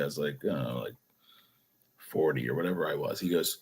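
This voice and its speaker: A middle-aged man, a podcast co-host, telling a crude story in loud, joking casual banter and swearing a lot. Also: low-pitched, lively intonation, normal speed, breathy edge.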